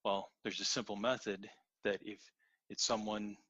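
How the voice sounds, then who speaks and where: A man's voice: on the low side, flat delivery, normal speed, fairly bright tone, no room sound, dull audio. A man giving an earnest, repetitive motivational talk in an online webinar. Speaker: webinar presenter.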